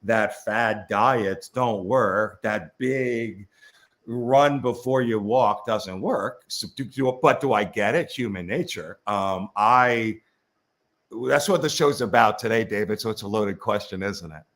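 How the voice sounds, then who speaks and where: A man's voice: lowish voice, slow pace, a bit bright. A man co-hosting a live show over a video call from his father's home, talking in a wry, rambling way. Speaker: co-host. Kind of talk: casual live-stream chat.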